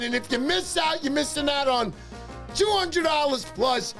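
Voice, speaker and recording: Loud hyped male livestream host. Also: very high-pitched, moderate pace, soft background music. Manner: loud, hyped, shouting cheers. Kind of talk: excited casual livestream chat.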